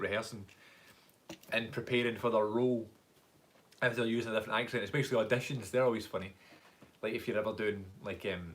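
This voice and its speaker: A man's voice: lowish voice, fairly bright tone. Chatty Glaswegian man on a live stream. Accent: Glaswegian Scottish. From Scotland. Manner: chatty, rambling storyteller who laughs often. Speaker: YouTuber and actor.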